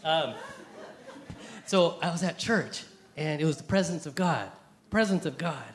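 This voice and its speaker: A young man giving a personal testimony to a church group, halting, with many fillers and restarts. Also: fairly high pitch, animated, a little hiss or hum. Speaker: church speaker sharing testimony. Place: Seattle area.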